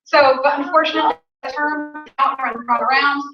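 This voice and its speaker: A chatty Southern US woman with a Southern accent works as a sales trainer, coaching a small group in a casual training talk and laughing often. Her voice sits high with fairly even intonation, moving fairly quickly in a bright, forceful tone. The recording sounds roomy, distant and dull.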